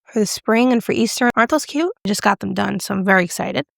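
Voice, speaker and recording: Woman, beauty vlogger, bubbly, gushing, medium pitch, dry close sound. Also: fast talker, vocal fry, dry recording. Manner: drops to a whisper when excited. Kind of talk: casual product review and demo.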